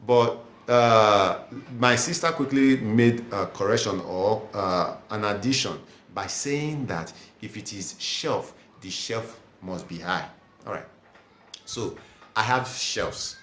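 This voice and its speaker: A man with a mid-range voice leads a language lesson at an unhurried pace. He says each word over and over for learners to copy and stops to read out viewers' comments. The room around him gives his voice a noticeable echo. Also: on the low side, fairly bright tone, slight background noise. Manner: slow, repeats words for learners to copy. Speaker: language teacher. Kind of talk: teaching a language lesson live.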